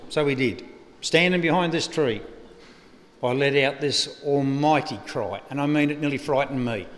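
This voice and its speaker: A man's voice: medium pitch, moderate pace. A man with an Australian accent giving a eulogy, spinning a rambling, humorous yarn at a lectern microphone. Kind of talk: eulogy anecdote. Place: funeral service venue. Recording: echoey funeral hall.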